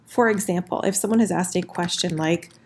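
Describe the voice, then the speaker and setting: Woman teacher, lowish voice, casual explainer, slows for examples, typing in the background. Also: darkish tone, slight background noise. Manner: friendly, slows down for example phrases. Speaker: French teacher. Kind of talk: casual recorded lesson at a whiteboard.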